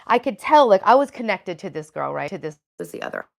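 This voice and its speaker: A woman's voice: mid-range voice, very animated, quick pace, gravelly. A woman hosting a casual livestream, chatting loosely with many fillers and reading viewer comments aloud. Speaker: livestream host.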